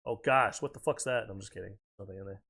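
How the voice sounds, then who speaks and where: This man's voice is fairly low, gravelly and husky, yet a bit bright, and he speaks at a quick pace. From the United States, he streams a video game with casual, profane chatter, rambling between reactions to the play.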